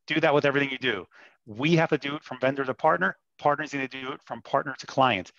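A man with a mid-range, slightly bright voice and vocal fry talks quickly, with no room sound, on dull, muffled, dry audio. Presenting as a vendor in a webinar, he's upbeat and persuasive, often restarting his sentences.

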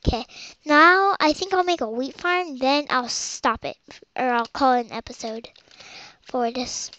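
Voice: high voice, measured pace, pushed and bright, no room sound. A child rambling through game commentary as host of their own let's play, with muttered asides. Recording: dull lo-fi home recording.

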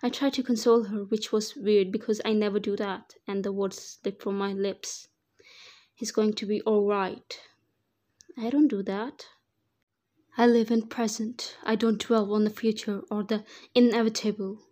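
Woman narrator, first-person fan fiction, flat, even reading voice. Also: mid-range voice, normal speed.

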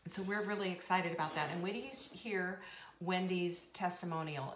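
A woman's voice: lowish voice, normal speed, slight background noise. A woman in her fifties hosting a live show, chatting in a bubbly, rambling way with frequent laughs and emphatic repeats. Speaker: host of a live cooking and wellness show. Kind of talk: casual live-stream chat. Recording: roomy echo.

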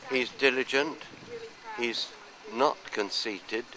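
Older man with a bright voice. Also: mid-range voice, low-quality recording. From London, England. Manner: anecdotal, unhurried, trailing off into asides. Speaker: actor being interviewed. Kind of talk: casual interview chat.

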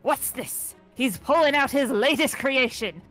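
Hammy pirate captain announcer played by a woman, high voice, faint music under her. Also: expressive, measured pace, a bit bright, low-quality recording. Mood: boisterous. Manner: hammy pirate accent, breaking into giggles. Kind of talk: reading an AI battle narration aloud.

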